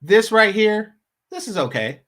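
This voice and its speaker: A man's voice: high voice, sing-song, measured pace, a bit bright. A man hosting a commentary channel, talking casually and sarcastically, repeating his points for emphasis.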